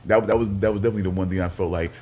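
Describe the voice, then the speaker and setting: A man's voice: low voice, steady tone, rapid-fire, warm tone, slight background noise. A man co-hosting a podcast who rambles in casual chat, often repeating "you know what I'm saying.". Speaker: podcast co-host.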